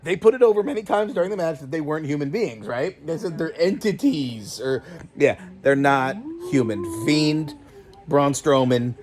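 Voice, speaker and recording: A man hosting a casual reaction chat, excitable and profane, often laughing and breaking into shouts. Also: on the high side, moderate pace. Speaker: host of a toy and wrestling channel.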